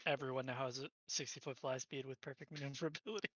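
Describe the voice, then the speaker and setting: A man's voice: mid-range voice, fairly even intonation, quick pace, a bit bright, no echo. A man playing in an online tabletop game, joking and laughing often. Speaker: player. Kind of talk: casual chat at a game table.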